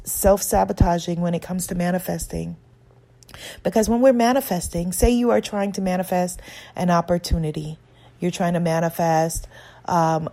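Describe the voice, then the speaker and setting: A woman's voice: lowish voice, dark tone. A woman self-help author giving an earnest, encouraging guided talk on self-acceptance.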